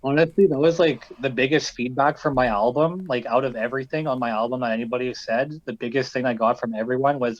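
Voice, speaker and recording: A man with a Canadian accent, a rapper guest in a casual interview, laid-back and quick to laugh. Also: medium pitch, steady tone, lo-fi sound. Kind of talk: casual chat.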